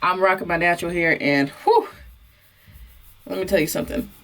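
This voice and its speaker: A young woman vlogger telling a casual, bubbly story about meeting her husband's family, full of fillers and quick asides. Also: lowish voice. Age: young adult. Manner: bubbly, animated, many fillers.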